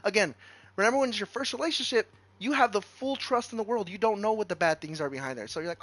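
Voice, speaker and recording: A man's voice: sits high, fast, fairly bright tone. A young man streaming, rambling through a personal story with lots of fillers and restarts. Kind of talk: casual storytelling.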